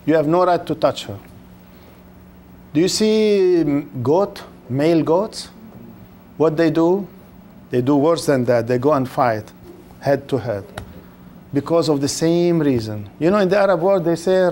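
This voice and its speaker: Older man, lecturer, rhetorical questions, drawn-out emphasis, slightly high voice. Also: warm tone, slight background noise. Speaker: Islamic lecturer. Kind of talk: lecture to a live audience.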